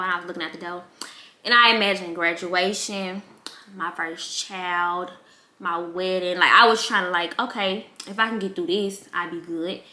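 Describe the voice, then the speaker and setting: Candid young woman in an echoey room. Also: mid-range voice. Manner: candid, emotional, animated quoting of relatives. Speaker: vlogger. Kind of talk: casual storytelling.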